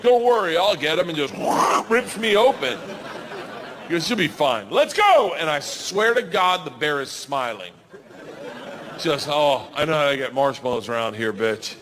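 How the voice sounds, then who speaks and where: A man in his forties telling a stand-up story, animated and yelling his punchlines, on a stage mic. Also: mid-range voice, noisy background. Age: 40s. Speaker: stand-up comedian. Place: large comedy venue. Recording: live stage mic with hall reverb and faint ambience.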